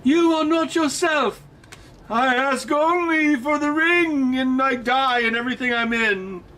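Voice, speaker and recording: A man's voice: very high voice, unhurried, sharp tone, pitched above the performer's own voice, exaggerated voice. A man doing an impression of a grim medieval warrior who pleads for a ring, in a raised, earnest voice. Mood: pleading.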